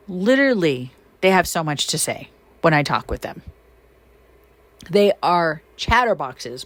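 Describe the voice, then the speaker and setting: Animated, lower-pitched woman telling stories. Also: measured pace, no room sound. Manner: animated, emphatic, swings her pitch up when excited; chatty with many fillers like "you know". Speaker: podcast host and shaman. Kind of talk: casual storytelling monologue.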